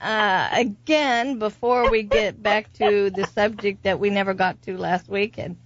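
A middle-aged woman co-hosting a radio talk show, speaking in a steady, advising way. Her voice sits at an ordinary pitch. It comes through a dull, muffled broadcast line. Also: a little slow, slight background noise. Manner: steady, advising, frequent agreement. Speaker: radio show co-host, guest's mother.

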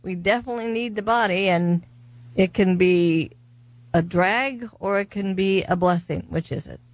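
A middle-aged woman co-hosting a radio talk show, speaking in a steady, advising way. Her voice sits at an ordinary pitch. It comes through a dull, muffled broadcast line. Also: normal speed, no echo. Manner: steady, advising, frequent agreement. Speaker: radio show co-host, guest's mother.

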